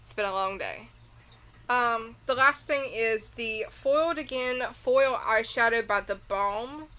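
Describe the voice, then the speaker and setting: A woman with a Southern US accent, talking in an unhurried, drawn-out way as she unboxes beauty products. Her voice sits a little high and sounds bright. She is tired and rambles off into tangents. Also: low-quality recording. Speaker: beauty vlogger. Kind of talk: casual unboxing chat.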